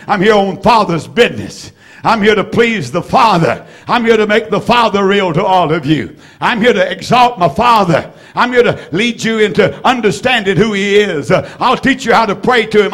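A man preaching a fiery sermon, emphatic and repetitive, often breaking in with praise interjections. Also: high voice.

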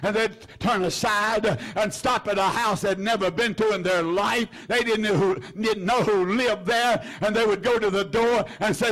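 A high-pitched older man preaches. He is fervent and repetitive, circling back to the same lines and filling gaps with "uh" and "hallelujah." It is a sermon delivered to a congregation. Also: fairly even intonation, normal speed, few pauses, a bit bright. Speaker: pastor.

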